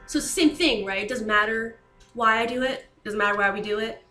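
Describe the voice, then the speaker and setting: A woman's voice: fairly high pitch, steady tone, quick pace, pushed and bright, roomy sound, faint music behind. A woman playing a tabletop game, anxious and rambling in character, with many likes and restarts. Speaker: player.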